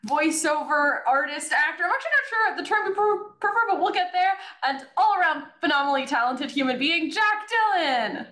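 Upbeat woman host, high voice, echoey room. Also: expressive, fairly quick, few pauses, pushed and bright. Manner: bubbly, rambling questions. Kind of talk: casual interview chat.

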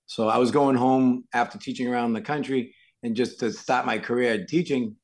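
A man from Massachusetts, a podcast guest, telling stories in a casual, animated way and acting out the dialogue. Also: mid-range voice, a little fast. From Worcester, Massachusetts. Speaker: podcast guest, actor and stuntman. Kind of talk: casual storytelling interview.

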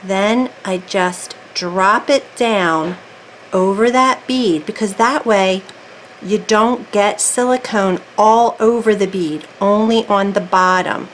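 A woman's voice: medium pitch, slow pace, a little hiss or hum, rough recording. A woman casually talking through a craft project in real time, thinking aloud as she works at her desk. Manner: chatty, self-talking while working, thinks aloud. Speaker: craft video creator.

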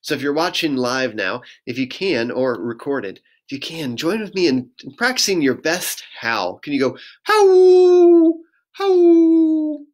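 A man, a pastor, reading a children's picture book aloud in a gentle sing-song voice and inviting young listeners to join in. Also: medium pitch, big pitch swings, normal speed, hardly any pauses.

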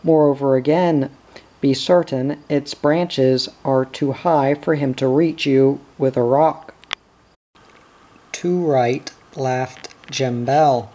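Man, audiobook reader, slow measured narration, mid pitch. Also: fairly even intonation, dark tone. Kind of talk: reading a novel aloud.

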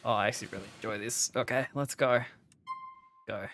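A streamer giving excitable, swearing livestream commentary, talking back to game figures. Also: mid-range voice, a little fast.

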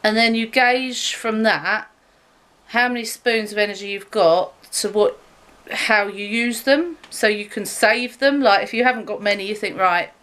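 A woman's voice: a little slow, a bit bright. A woman vlogging while walking her dog outdoors, talking to her phone camera in a chatty, rambling way. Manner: chatty, rambling, talks to her dog in a high sing-song voice. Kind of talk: casual chat to camera.

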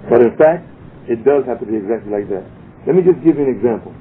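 A man giving a religious lecture, teaching carefully and slowing down to demonstrate pronunciation. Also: very animated. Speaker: Islamic lecturer. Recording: tinny phone-like lecture recording with faint rumble.

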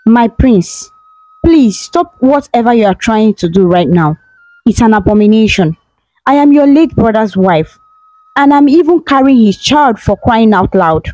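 A woman's voice: on the high side, animated, a little slow, mellow, no echo, faint music behind, rough recording. A woman voicing a tearful young widowed maid who begs and pleads in a storybook telling. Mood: pleading.

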